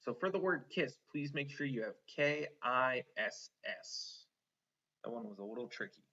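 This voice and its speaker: A man's voice: medium pitch, expressive, normal speed, sharp tone, dull audio. A man teaching a one-on-one spelling lesson, patiently sounding out words letter by letter and encouraging the student.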